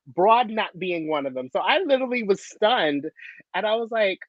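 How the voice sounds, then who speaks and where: A woman on a video call telling a story in a sassy, animated way, laughing often. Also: mid-range voice, normal speed, no echo, dull audio. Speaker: panelist. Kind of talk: casual storytelling.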